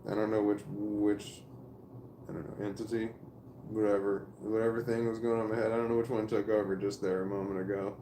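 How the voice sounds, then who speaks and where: A man talking casually to camera in a rambling, halting way, with restarts and swearing. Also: on the low side, little pitch movement, warm tone, a little hiss or hum. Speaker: vlogger. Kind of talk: casual spoken monologue to camera. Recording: roomy echo.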